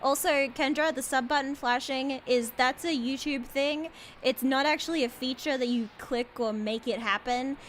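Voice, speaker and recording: A woman's voice: high-pitched, steady tone, moderate pace, hardly any pauses, a little hiss or hum. A woman streamer chatting playfully and laughing often while playing a game. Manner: playful, giggly. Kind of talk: casual game stream chat.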